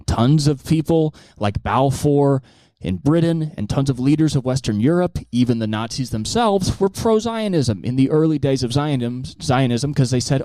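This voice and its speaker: Male stand-up comic, very animated delivery, profane, dry close sound. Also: a little high, moderate pace, no echo. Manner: animated, profane, acts out many voices. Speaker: stand-up comedian. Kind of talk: stand-up comedy monologue.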